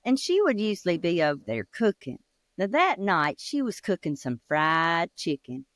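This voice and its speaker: A woman, telling a ghost story with dramatic pauses and spooky low drops. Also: very animated, dry recording. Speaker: co-host, storyteller.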